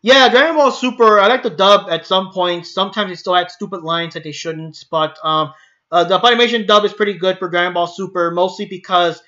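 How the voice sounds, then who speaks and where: Bright-voiced man ranting on a stream. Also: high voice, fairly quick, highs cut off. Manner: rambling, swearing, frequent fillers and restarts. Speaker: channel host. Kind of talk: casual livestream rant.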